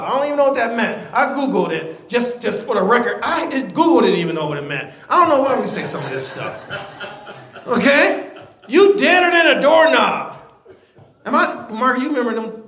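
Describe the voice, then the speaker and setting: A man's voice: high-pitched, sing-song, fairly quick, a bit bright, reverberant. A man preaching a sermon to his church, folksy and emphatic, drawing the congregation in. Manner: folksy, emphatic preaching with call-and-response and chuckles. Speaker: pastor. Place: church sanctuary.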